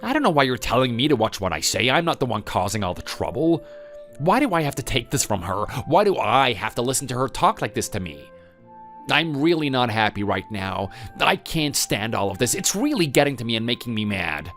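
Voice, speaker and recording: Resentful son, accusing tone, mid-range pitch; actor. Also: male voice, very animated, fairly quick, a bit bright, faint music behind. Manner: defensive, accusing. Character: resentful grown son who blames his mother. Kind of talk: scripted text-story drama.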